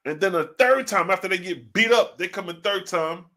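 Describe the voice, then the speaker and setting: A man's voice: high voice, moderate pace, bright, forceful tone. A man giving a casual, slang-filled livestream commentary on scripture, asking rhetorical questions and reading passages aloud. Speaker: online religious teacher.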